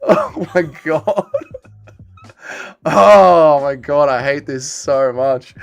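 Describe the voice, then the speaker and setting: A man hosting a livestream, reading viewer comments aloud and answering them in a casual chat that swings between loud swearing rants and low grumbling. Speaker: livestream host.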